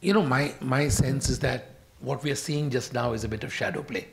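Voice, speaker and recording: Gravelly, measured Indian commentator. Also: male voice, medium pitch. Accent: Indian English. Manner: measured, analytical. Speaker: political commentator, panel guest. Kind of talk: panel analysis.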